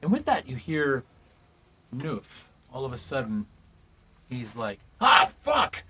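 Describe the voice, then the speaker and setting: Relaxed man narrating as game master. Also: mid-range voice, slow pace, very noisy. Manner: casual, loose narration with fillers.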